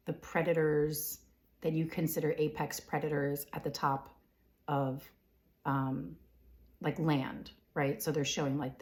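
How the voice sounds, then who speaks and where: A woman giving a live spiritual reading, relaying impressions in halting, repetitive phrases, often whispering her questions softly to herself and clearing her throat. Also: low-pitched. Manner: frequent fillers and throat-clearing. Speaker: intuitive reader.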